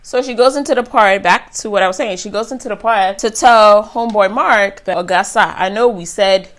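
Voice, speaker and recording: A young woman recapping a reality show in a loose, slangy, chatty way. Her voice sits at an ordinary middle pitch, and she keeps the telling animated and conversational. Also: brisk. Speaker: YouTube reviewer. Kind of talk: casual recap commentary.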